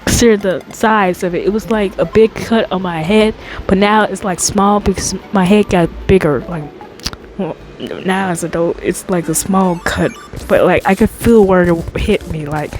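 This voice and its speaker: A woman's voice: on the low side, a little mellow, a little hiss or hum. Rambling young woman telling a story. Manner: rambling, filler-heavy, talks slowly on purpose. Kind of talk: casual storytime monologue. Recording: background music under the voice.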